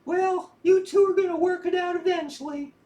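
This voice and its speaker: A woman's voice: very high-pitched, fairly even intonation, moderate pace, dark tone. A woman playing a blunt, teasing friend. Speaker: friend in an audio drama. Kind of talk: audio drama acting.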